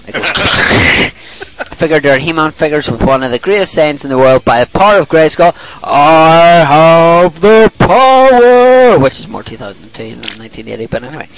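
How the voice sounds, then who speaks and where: A man's voice: mid-range voice, fairly bright tone, rough recording. Rambling middle-aged male podcast host. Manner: rambling, laughs often, self-correcting. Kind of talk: casual chat, reading a listener email aloud.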